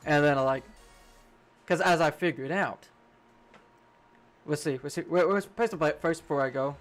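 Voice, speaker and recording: A young man, fairly high-voiced for a guy, telling a rambling story while he plays a game, swearing freely and laughing along the way. Faint game music runs underneath his voice. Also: moderate pace, pauses often. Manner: rambling, profane, laughs a lot. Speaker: streamer. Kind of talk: casual storytelling while gaming.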